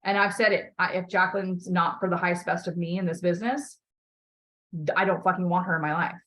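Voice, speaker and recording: A woman's voice: fairly low pitch, fairly even intonation, brisk, fairly bright tone, poor audio. A woman podcast host coaching a guest in a candid conversation, talking emphatically with frequent swearing and strong emotion.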